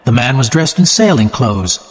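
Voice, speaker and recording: Man reading slowly in a reverberant hall. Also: medium pitch, very animated. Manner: measured and plainly enunciated. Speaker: narrator. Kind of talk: slow, clear audiobook narration for English learners.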